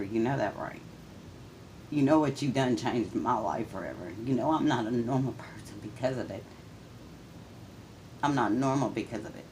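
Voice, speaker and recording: A woman's voice: very deep voice, moderate pace, pauses often, a little mellow, a little hiss or hum, low-quality recording. A woman speaking in a raw, emotional confessional monologue, swearing and venting, often talking straight to people who are not there. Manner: addresses absent people directly.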